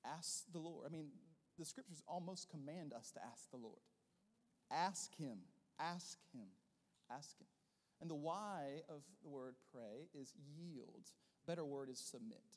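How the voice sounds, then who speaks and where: A man preaching a sermon in a high, light voice. He pushes up into loud, emphatic bursts, then settles into quieter, gentler teaching. The sound carries the long reverb of a large hall. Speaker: pastor.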